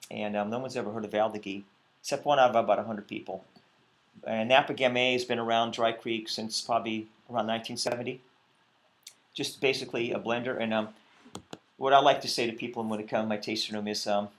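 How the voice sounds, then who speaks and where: A male winemaker talking casually at a wine tasting, relaxed and hesitant, with many pauses and ums. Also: lowish voice.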